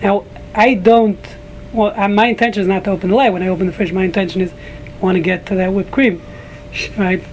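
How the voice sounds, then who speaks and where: A man's voice: high-pitched, fairly even intonation, fast talker, a little hiss or hum, rough recording. A man teaching a casual group Talmud class, rambling with frequent restarts and joking asides to a small room of listeners.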